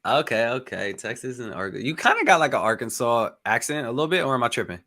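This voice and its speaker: A man's voice: mid-range voice, animated, fast, bright, forceful tone. A young man hosting a podcast, chatting casually with a guest and rambling with lots of fillers. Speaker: podcast host. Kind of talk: casual interview chat.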